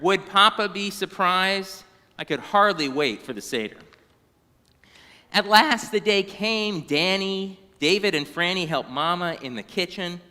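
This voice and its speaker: A man reading a children's storybook aloud in a synagogue, animated and now and then singing short phrases. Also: sits high, unhurried, clean tone, in a large hall. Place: synagogue sanctuary.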